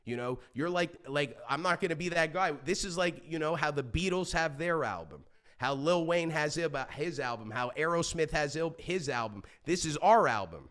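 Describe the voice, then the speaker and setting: A man talking as a podcast guest, telling stories in a passionate, animated way and swearing freely. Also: on the high side, moderate pace. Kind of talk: casual interview talk.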